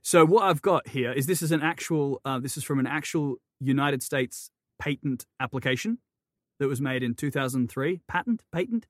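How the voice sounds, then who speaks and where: A man who narrates audiobooks, chatting as a podcast guest with quick, self-deprecating wit. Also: mid-range voice, steady tone, no room sound, studio quality. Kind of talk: casual chat.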